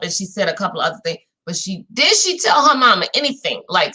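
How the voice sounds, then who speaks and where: A woman's voice: medium pitch, brisk, hardly any pauses, slightly rough. A woman from New Orleans with a New Orleans accent, chatting casually as she recaps a reality show for her viewers. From New Orleans, Louisiana. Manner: animated and chatty, addresses viewers as "y'all". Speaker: recap host.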